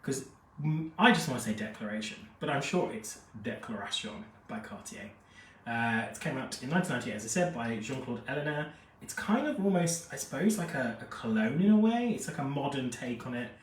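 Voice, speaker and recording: A man's voice: medium pitch, lively intonation, brisk, a little hiss or hum. A man hosting a live fragrance review, chatty and gushing, reading out viewer comments while feeling unwell. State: unwell after a jab, feverish. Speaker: fragrance expert host. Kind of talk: live-stream product review chat. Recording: echoey room, mic at a distance.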